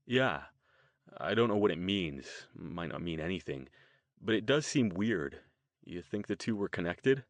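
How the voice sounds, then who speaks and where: Fields: Figure: young American man voiced by a man. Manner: casual, informal, a bit uneasy. Pitch: low. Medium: audiobook. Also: lively intonation, measured pace, no echo.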